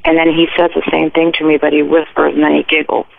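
Grandmother calling in over a gravelly phone line. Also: low-pitched, level tone, fast. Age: older. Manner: rambling, chatty storytelling. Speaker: caller. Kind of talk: phone-in call. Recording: tinny phone line with faint hiss.

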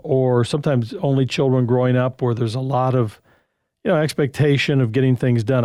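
A man's voice: mid-range voice, darkish tone, no echo, studio quality. A man hosting a radio call-in show and giving parenting advice in a conversational, rambling way with restarts.

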